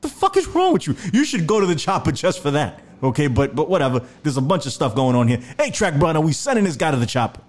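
A man's voice: a little high, expressive, fast, hardly any pauses. A man co-hosting a podcast, swearing and delivering theatrical, mock-stern verdicts in comedic banter. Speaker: podcast co-host.

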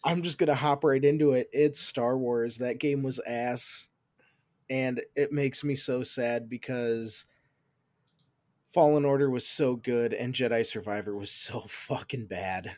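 A man's voice: mid-range voice, unhurried, dry recording, studio quality. A man, a guest on a gaming podcast, giving blunt, profane opinions. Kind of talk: casual chat.

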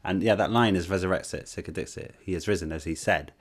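A man co-hosting a podcast in casual chat, curious and relaxed, asking questions. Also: low-pitched, fast talker. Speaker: podcast co-host.

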